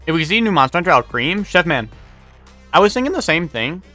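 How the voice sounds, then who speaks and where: Bright-voiced young man chatting on stream. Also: a little high, very animated, quick pace, soft background music. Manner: rambling, chatty, reads out chat and answers it. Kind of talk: casual live-stream chat.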